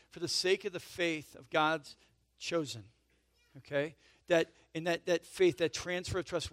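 A man's voice: a little high, no room sound. Male pastor, tenor-leaning, conversational sermon delivery with frequent audience check-ins; dry, close recording. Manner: emphatic swells in volume, then drops to soft intimate asides.

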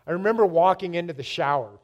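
A man preaching a personal testimony, emphatic, swinging between loud and hushed, often repeating his words. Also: high voice, animated, quick pace, highs cut off.

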